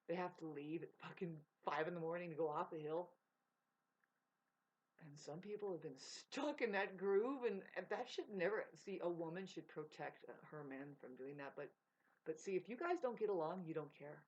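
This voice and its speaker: A woman's voice: deep voice, moderate pace, a little mellow. A woman vlogging in a rambling, profane casual monologue, laughing mid-sentence. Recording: dull lo-fi sound.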